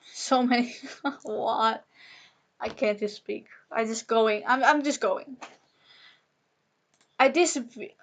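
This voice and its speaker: Slow, halting young woman, upset. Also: a little high. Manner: rambling and halting, with nervous laughs. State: upset and emotional. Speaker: vlogger. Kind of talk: emotional personal monologue to camera.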